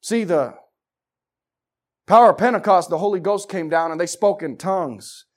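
A man preaching a sermon with passion, firing rhetorical questions, shouting at the peaks and dropping to hushed tones. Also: high-pitched, moderate pace.

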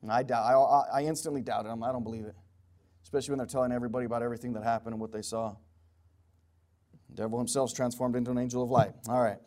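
A man preaching a sermon, emphatic, swinging from loud pleading passages to low quiet asides. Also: fairly even intonation, very fast.

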